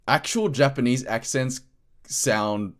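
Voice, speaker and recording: A man's voice: mid-range voice, slow pace, fairly bright tone. A man co-hosting a podcast in casual chat, rambling and filling his talk with "like". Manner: rambling, full of "like" fillers. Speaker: podcast co-host.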